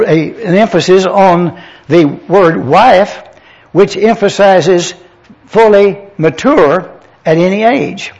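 A man's voice: sits high, darkish tone. A man preaching a teaching sermon, addressing the congregation directly and spelling words out letter by letter. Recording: dull lo-fi sound.

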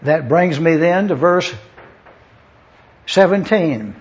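High-voiced man preaching a sermon. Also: animated. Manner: measured, emphatic preaching with listed phrases. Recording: dull lo-fi recording.

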